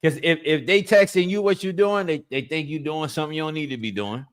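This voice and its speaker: A man's voice: fairly high pitch, fast, smooth. Laid-back man chatting on a livestream. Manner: laid-back, laughs often, talks to chat. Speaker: livestream host making sales calls. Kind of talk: casual livestream chat.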